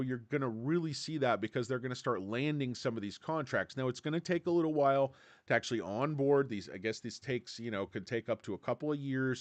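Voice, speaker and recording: Male streamer, lively swinging pitch, dry close mic, sarcastic casual rant. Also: no room sound. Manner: animated, sarcastic, mocks analysts with put-on voices. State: tired. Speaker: stock commentary livestream host.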